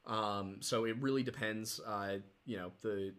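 A man's voice: on the low side, fairly even intonation, a little slow, a bit bright. A young man co-hosting a livestream podcast, chatting casually and explaining things at length with many fillers. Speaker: podcast co-host.

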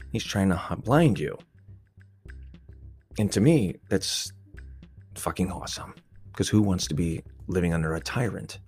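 A man's voice: low voice, creaky, a little mellow. A man talking in a rambling, profane, irreverent off-the-cuff monologue. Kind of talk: casual unscripted monologue.

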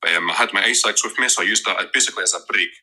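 A man's voice: on the low side, rapid-fire, pushed and bright, husky, low-quality recording. A man telling a story in a recorded voice message, matter-of-fact with small fillers. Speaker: listener sending a voice message.

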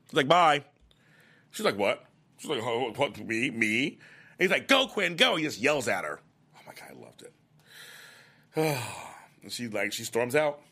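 A man hosting a soap opera after-show, excitedly recapping the week's episodes in a gossipy, chatty way and acting out the characters' lines. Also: mid-range voice, slightly rough.

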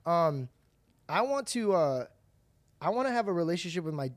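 A man in his thirties with a somewhat high voice, hosting a casual podcast. He tells family stories in an animated way, jumps into other people's voices and swears freely. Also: normal speed. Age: 30s. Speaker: podcast host. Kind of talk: casual chat.

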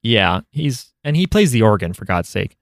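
A man hosting a podcast, chatting casually with offhand, deadpan jokes. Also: lowish voice, normal speed, creaky, no room sound, studio quality. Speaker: podcast host. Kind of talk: casual chat.

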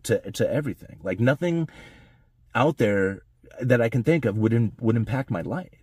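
A man's voice: mid-range voice, lively intonation, normal speed, darkish tone, breathy edge, dry recording, studio quality. A man giving a rambling, conversational commentary on the economy, often tagging his points with "right?" and "you know". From United States. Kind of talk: casual monologue.

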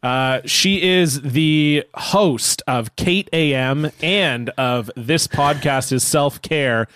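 A man's voice: on the high side, slow pace, fairly bright tone, no room sound. Joking man hosting a podcast, dry close mic. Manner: joking, rambling, mock accent attempts. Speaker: podcast co-host. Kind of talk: casual podcast banter.

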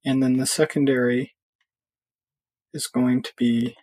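Slow husky man walking through a tutorial. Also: mid-range voice, no echo. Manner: relaxed thinking aloud with fillers while clicking through software. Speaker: software tutorial presenter. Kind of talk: casual screen-recorded coding tutorial.

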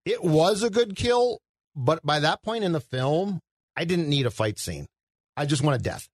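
A man co-hosts a casual film podcast, poking sarcastic holes in the plot and tripping over his restarts. His voice is fairly high for a man. It is recorded dry and close. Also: expressive, a little slow, no room sound. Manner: sarcastic nitpicking, stammering restarts. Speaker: podcast co-host. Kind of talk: casual movie review chat.

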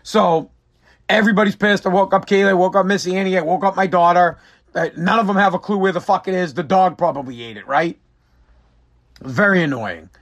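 High-voiced man ranting on his podcast. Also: a little fast. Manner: profane, exasperated, rambling. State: tired. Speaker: podcast host. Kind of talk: casual solo podcast rant.

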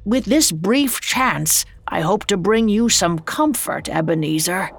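A woman's voice: medium pitch, expressive, a little hiss or hum. Woman putting on a grim old chained ghost. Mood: mournful. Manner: grim, growling, slow.

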